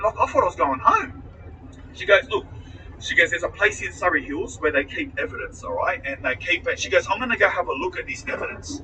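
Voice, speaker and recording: A high-pitched, very bright man telling a story with crude, animated energy. He slips into other people's voices as he goes. His voice comes from some distance off the mic. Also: fairly quick, slight background noise. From Australia. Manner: profane, animated, acts out the other people's lines. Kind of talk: casual storytelling.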